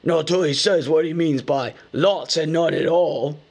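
A man's voice: fairly high pitch, a little slow, darkish tone, voice pushed up. A man voicing a cruel, quarrelsome male troll with coarse, slangy speech. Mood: menacing surly. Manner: coarse, slangy dialect talk.

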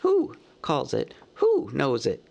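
Squeaky little hobbit, voice leaps all over, gravelly edges. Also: male voice, wildly swooping pitch, slow pace, darkish tone, highs cut off, full character voice. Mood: bewildered. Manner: squeaky, fretful questioning. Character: Bilbo, small fussy male hobbit.

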